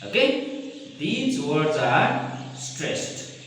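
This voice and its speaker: High-voiced man teaching in an echoey room. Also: very animated, background noise. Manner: repeats words slowly for demonstration, asks "okay?" after each point. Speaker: English teacher. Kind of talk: classroom lecture on pronunciation. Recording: echoey room, mic from far off.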